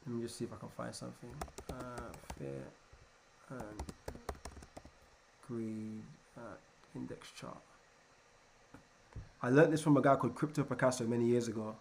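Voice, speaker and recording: A man teaching a live online trading lesson in an energetic way, often checking in with his listeners and repeating words as he goes. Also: mid-range voice, moderate pace, creaky, long pauses, background noise. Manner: energetic, keeps checking in with "right?". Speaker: trading coach.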